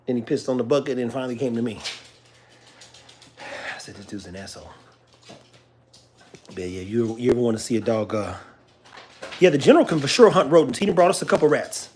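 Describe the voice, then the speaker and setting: Loose, chatty young man on a live stream. He talks to his dogs and viewers in an even middle voice, with light clicks behind him. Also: medium pitch, quick pace, a little hiss or hum. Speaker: dog owner streaming live. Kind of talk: casual live-stream chat.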